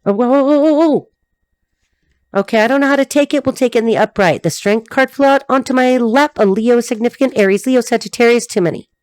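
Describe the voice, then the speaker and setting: A woman giving a tarot reading, talking in a blunt, rapid, repetitive stream of consciousness. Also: on the high side, no room sound. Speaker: tarot reader.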